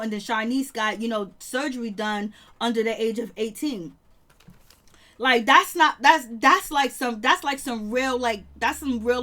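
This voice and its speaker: A woman casually recapping a TV show, animated and quick to laugh, acting out what others said. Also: a little high. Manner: animated, laughs often, acts out quotes. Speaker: TV show reviewer.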